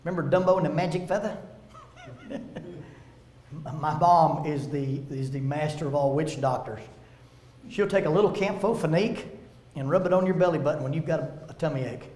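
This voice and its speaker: A man's voice: a little high, moderate pace, pauses often. Man teaching in a roomy church. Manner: animated storytelling with humor, acting out quotes. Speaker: seminar speaker. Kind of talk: church seminar talk. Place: church meeting room.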